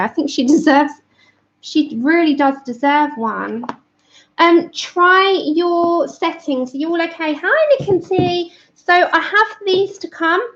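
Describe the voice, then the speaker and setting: A woman's voice: sits high, vocal fry. A woman hosting a live colouring stream from home, chatty and apologetic, laughing often and greeting viewers by name while a little out of breath. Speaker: livestream colouring host. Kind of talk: casual live-stream chat. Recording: dull lo-fi stream audio.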